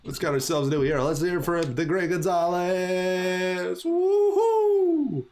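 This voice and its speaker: A man's voice: a little high, a little fast, darkish tone, voice pushed up, close to an everyday voice. A man voicing a brash male video game ring announcer with hyped showman delivery.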